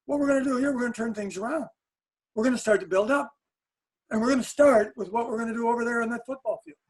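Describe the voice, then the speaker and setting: A man telling animated anecdotes on a webinar chat, with frequent restarts and laughs. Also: very high voice, fast talker, breathy edge, poor audio. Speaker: sport psychologist guest.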